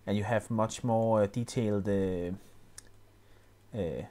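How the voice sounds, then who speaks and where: A man explaining music software step by step, often pausing with fillers and restarting his sentences. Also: lowish voice, fairly even intonation. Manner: hesitant, many fillers and restarts. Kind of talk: screen-recorded tutorial.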